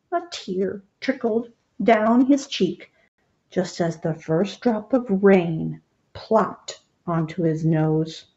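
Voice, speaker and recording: A woman reading a picture book aloud, gentle and expressive, stopping to point out the pictures. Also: medium pitch, takes it slowly, highs cut off. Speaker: storybook reader.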